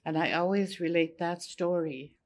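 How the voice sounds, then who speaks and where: An older woman whose first language is Cree tells a personal story as an elder on a panel. She speaks gently and unhurriedly and often repeats phrases. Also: lowish voice, fairly even intonation, moderate pace. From Saskatchewan, Canada.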